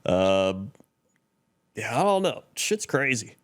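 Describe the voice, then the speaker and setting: A man's voice: fairly low pitch, big pitch swings, slow, no echo, clean studio sound. A man co-hosting a podcast in casual chat, laid-back and mumbling. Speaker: podcast co-host.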